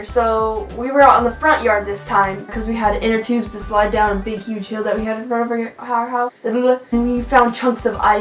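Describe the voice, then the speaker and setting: Animated young woman telling childhood stories. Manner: animated, acts out quoted voices in a high pitch. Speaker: vlogger. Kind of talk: casual storytelling to camera. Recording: echoey room with faint music.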